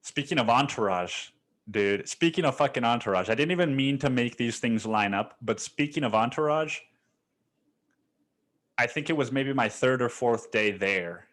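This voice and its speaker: A man's voice: medium pitch, lively intonation, moderate pace, fairly bright tone. A man talks through a solo podcast episode in a loose, laid-back way, drifting from one story to the next. He swears freely and keeps coming back to "dude", restarting sentences as he goes. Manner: rambling and profane, says "dude" constantly. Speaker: podcast host. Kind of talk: casual solo podcast monologue.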